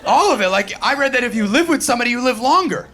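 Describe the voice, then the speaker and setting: A man's voice: very high-pitched, animated, fast talker, pushed and bright. A man with a New York accent doing a profane, brash stand-up comedy set on a live stage, acting out the voices he quotes. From New York City, Queens. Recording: live show with crowd laughter. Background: audience laughter.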